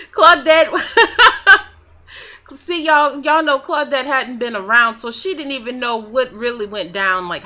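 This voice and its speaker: A woman's voice: sits high, pushed and bright. A woman vlogging a casual recap of a reality show, sassy and profane in her gossip. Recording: dull lo-fi webcam audio.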